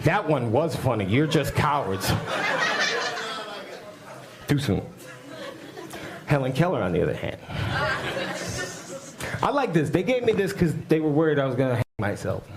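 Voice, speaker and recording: A man's voice: mid-range voice, sing-song, normal speed, pauses often, a loud crowd. Man telling dry stand-up jokes, noisy recording. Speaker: stand-up comedian. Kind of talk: stand-up comedy set. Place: comedy stage. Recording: heavy background noise.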